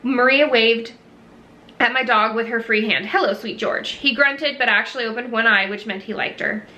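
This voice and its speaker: A woman's voice: on the high side, fairly even intonation, moderate pace, sharp tone. A woman reading a cozy mystery novel aloud, with small slips and restarts. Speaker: reader.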